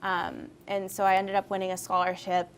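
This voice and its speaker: A woman's voice: medium pitch, completely flat delivery, brisk, a little hiss or hum. A woman in her twenties, a festival founder, telling stories in a casual interview with many fillers and frequent laughter. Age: 20s. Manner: chatty storyteller, laughs often, many fillers.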